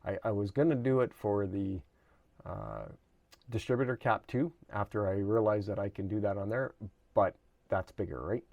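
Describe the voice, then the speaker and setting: A man hosting a hobby channel, explaining a model build in a casual, rambling way with lots of fillers, his voice a little hoarse. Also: on the low side, moderate pace, darkish tone, dry recording. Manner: rambling, many fillers and restarts. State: slightly hoarse, losing his voice. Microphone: camera mic, at times handheld camera.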